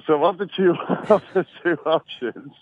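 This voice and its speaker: A man's voice: fairly high pitch, a little slow, no echo. An Irish man calls in from an airport and spins a rueful anecdote at his own expense. His voice comes through a thin, tinny phone line with no room around it. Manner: wry, self-mocking storyteller. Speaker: podcast regular calling in from an airport. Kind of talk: casual phone-in storytelling.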